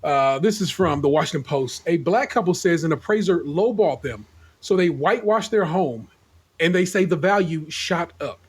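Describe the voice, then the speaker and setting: A man hosting a casual remote podcast, talking loosely and joking with quick asides. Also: a little high, expressive, slightly rough. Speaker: podcast host. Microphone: remote call.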